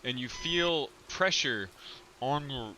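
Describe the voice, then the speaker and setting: A man narrates a tabletop game as its game master, unhurried and full of filler. His voice is bright and clear. A faint hiss runs behind him on a voice-call mic. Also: medium pitch, rough recording. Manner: relaxed with many ums and uhs.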